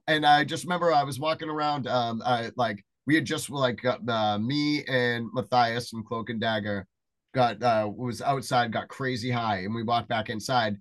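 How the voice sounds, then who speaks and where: A man's voice: mid-range voice, fairly even intonation, moderate pace, a bit bright. A man hosting a podcast, telling stories in a casual, rambling way with lots of fillers. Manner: rambling storyteller, many fillers and restarts. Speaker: podcast host. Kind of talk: casual chat.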